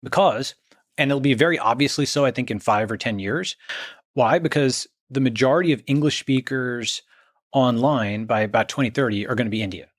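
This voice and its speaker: A man's voice: medium pitch, a little fast, no room sound. Emphatic man, dry close sound. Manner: emphatic, checks in with "okay?" and "right?". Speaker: guest. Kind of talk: conversational interview.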